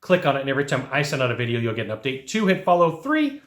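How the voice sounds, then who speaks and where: A man's voice: medium pitch, huge pitch swings, racing, reverberant. A man teaching sales technique to camera in a coaching tone, repeating key points and acting out customer exchanges. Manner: coaching, repetitive, acts out customer dialogue. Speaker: sales trainer. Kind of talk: instructional talk to camera.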